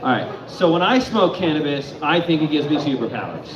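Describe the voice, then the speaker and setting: A man's voice: on the high side, very animated, fairly quick, very noisy. A young man from Connecticut performing a crude, profane stand-up set on a club stage. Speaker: stand-up comic. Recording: echoey club room, dull sound.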